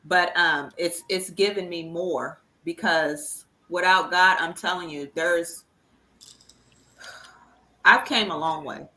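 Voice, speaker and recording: Bright-voiced grieving mother, halting speech. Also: lowish voice, poor audio. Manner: earnest, halting, repeats words when upset. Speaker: guest, mother of the deceased. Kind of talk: emotional conversational interview.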